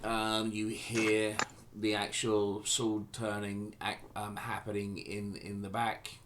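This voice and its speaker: Low-pitched guy running a tabletop game, rambly with ums, faint hum in the background. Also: monotone, slow. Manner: loose, full of ums and restarts. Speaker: game master.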